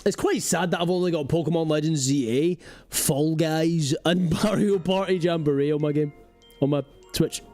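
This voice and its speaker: A man's voice: a little high, moderate pace, a little mellow, faint music behind. A man streaming a game live, chatting playfully with viewers and drifting into silly voices. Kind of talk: casual live-stream chat. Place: home streaming setup in rural Scotland.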